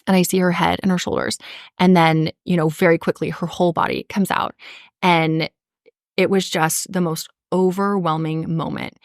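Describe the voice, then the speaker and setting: A woman's voice: lowish voice, moderate pace, no echo, clean studio sound. A woman in her thirties telling a personal story on a podcast, earnest and emotional, with many casual fillers. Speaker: podcast host.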